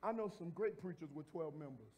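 A pastor preaching a sermon in a church. He talks straight to the congregation in a casual way and repeats phrases as he builds to shouts. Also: fairly high pitch, expressive, fairly quick, slight background noise. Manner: addresses the congregation directly and informally. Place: church sanctuary before a congregation.

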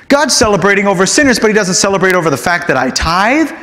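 A man preaching a sermon, telling a story with lively delivery and acting out the characters in it. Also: high voice, fast, few pauses. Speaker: pastor. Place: church sanctuary. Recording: long church hall reverb.

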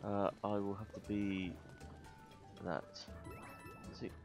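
A man commentating his gameplay, muttering to himself between loud, swearing outbursts, a little tired. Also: fairly low pitch, level tone, slow. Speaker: gaming video host. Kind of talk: let's play commentary. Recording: faint game music behind.

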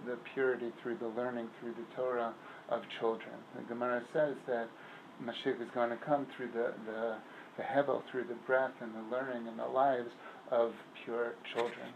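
A man, a rabbi, giving an informal class in a synagogue, telling stories and analogies in a conversational way, pausing to search for words. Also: medium pitch, highs cut off, noisy background.

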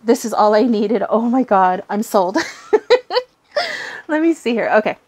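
A young woman tarot reader unboxes and shows off items in an excited, casual vlog, gushing and giddy, swearing and giggling often. Her medium-pitched voice is brisk and a little mellow, with lively intonation.

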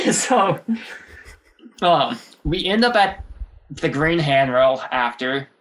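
A man's voice: fairly high pitch, lively intonation, takes it slowly, a bit bright. A man in his thirties, a guest skateboarder, telling rambling stories in a casual interview, laughing often and swearing freely.

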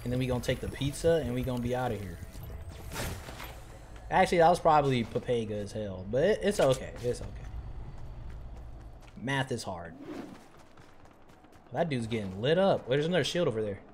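A man streaming a video game, chatting in a slangy, animated way to himself and his viewers. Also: mid-range voice, normal speed, pauses often, slight background noise. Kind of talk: casual gameplay commentary.

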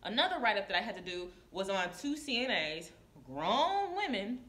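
A woman nurse telling a story to camera in casual confessional style, animated and acting out her coworkers. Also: medium pitch, normal speed. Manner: animated, acts out coworkers' voices. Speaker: licensed practical nurse. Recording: echoey room.

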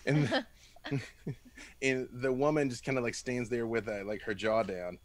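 Relaxed male game master narrating. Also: mid-range voice, a little slow, no room sound. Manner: loose, filler-heavy narration with sudden character voices.

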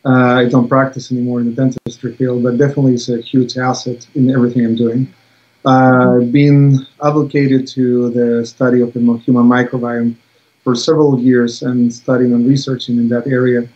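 A man's voice: medium pitch, level tone, moderate pace, darkish tone, dull audio. A man speaking as a guest expert in a casual science interview, hesitant, with many fillers, over a video call.

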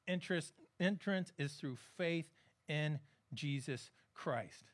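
A pastor delivers a relaxed, conversational sermon, his voice sitting high for a man. He keeps checking in with the congregation and slips in light jokes as he preaches. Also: a little slow. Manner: conversational, humorous preaching with frequent audience check-ins.

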